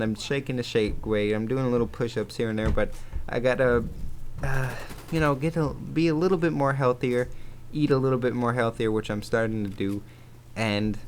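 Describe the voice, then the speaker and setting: A man's voice: medium pitch, a little hiss or hum. A young man rambling casually as he tells a story over his gameplay video, with lots of restarts and casual swearing. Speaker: gaming YouTuber.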